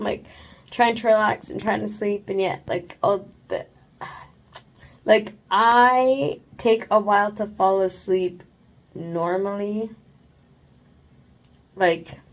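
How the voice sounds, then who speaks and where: A tired woman vlogging casually at home after oral surgery, rambling with lots of fillers and swearing freely. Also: mid-range voice. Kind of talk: casual late-night vlog. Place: home, bed then bathroom.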